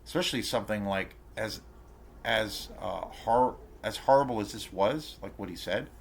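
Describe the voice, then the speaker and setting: A man's voice: lowish voice, normal speed, creaky, a little hiss or hum. A man hosting his own channel, telling an indignant story in a rambling, profane way, full of fillers and restarts. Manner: indignant, outraged. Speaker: channel host ranting to camera. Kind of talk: casual rant vlog.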